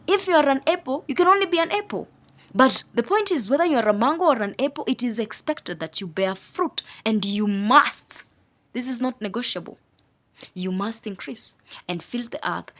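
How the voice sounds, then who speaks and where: A woman's voice: a little high, a bit bright. A woman teaching a Bible study. She stresses single words and repeats phrases, with casual asides between the preaching. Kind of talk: spoken scripture teaching.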